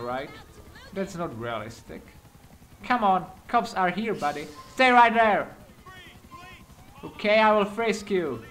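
Man, non-native English accent, gameplay commentary, high lively voice, unhurried, faint background noise. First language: not English. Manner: excitable, swears, exclaims often. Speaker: gaming YouTuber.

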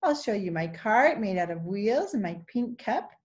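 A woman's voice: medium pitch, sing-song, moderate pace, lightly acted. A woman voicing an eager young boy in a storybook reading, exclaiming in a raised voice.

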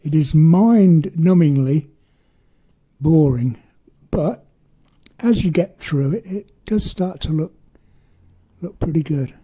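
A man's voice: fairly high pitch, takes it slowly, long pauses, dark tone, breathy edge. A man giving a casual hands-on model-making tutorial, rambling and self-deprecating as he works.

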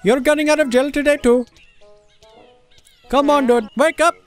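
A person giving comedic gameplay commentary in an excitable way, gasping and exclaiming often. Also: high voice, moderate pace, faint music behind.

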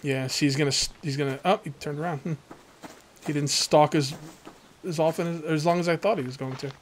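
A fairly high-voiced man rambles through casual gameplay commentary, chatting straight to his viewers as a let's play host. He talks loosely, full of asides, with a faint hiss of noise behind him. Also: fairly even intonation, brisk.

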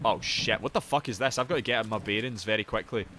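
A young man with a Geordie accent streaming a video game live, swearing, yelling and shouting out to his chat. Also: lowish voice, fast talker, a little hiss or hum. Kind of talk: live gameplay commentary.

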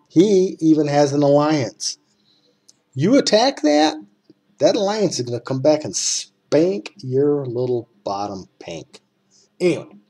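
Slow, husky-voiced man talking through a game. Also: fairly high pitch, dark tone. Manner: rambling, folksy, talks to the viewer directly. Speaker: game tutorial maker. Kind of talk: casual screen-recorded game tutorial.

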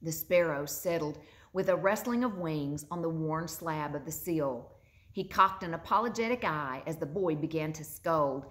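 A woman reading a children's story aloud with gentle expression. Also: deep voice, moderate pace. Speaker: narrator.

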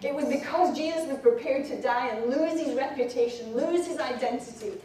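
A woman preaching a fervent sermon to a women's gathering, rising to shouts and dropping low. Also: normal speed. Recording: echoey hall from far off, faint noise.

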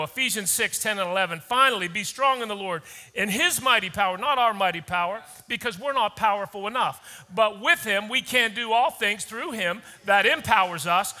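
Male pastor, high sharp voice, urgent preaching, long reverb of a church hall. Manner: urgent preacher, rising to shouts. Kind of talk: sermon. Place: church auditorium.

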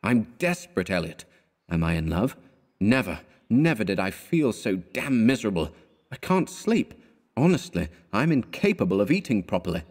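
A man voicing a lovesick young male painter who speaks sadly and gently. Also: fairly low pitch, big pitch swings, normal speed. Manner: sad, gentle, dogged.

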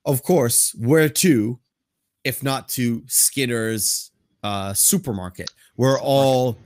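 Male podcast host, mid-pitched, dry close sound, walks through a plot with hesitant fillers. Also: slow, darkish tone, no room sound. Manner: agreeable, many yeahs, hesitant fillers. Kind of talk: casual movie discussion.

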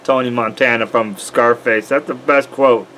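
A man's voice: mid-range voice, steady tone, moderate pace, fairly bright tone, a little hiss or hum. A man talking casually to his camera, rambling and stumbling over his words.

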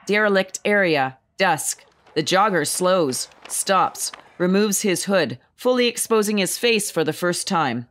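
A woman's voice: fairly low pitch, fairly bright tone. Woman reading a screenplay aloud. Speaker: narrator.

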